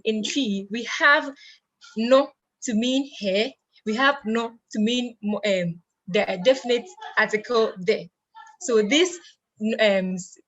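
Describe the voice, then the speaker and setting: A woman's voice: on the high side, fairly bright tone. Patient woman teaching a language lesson. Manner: patient, explains step by step, asks and answers own questions.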